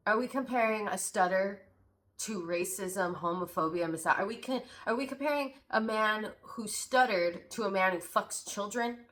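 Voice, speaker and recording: A woman's voice: mid-range voice, normal speed, fairly bright tone. A woman hosting a podcast, reacting to a clip with indignant, sarcastic, profane commentary. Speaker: podcast host.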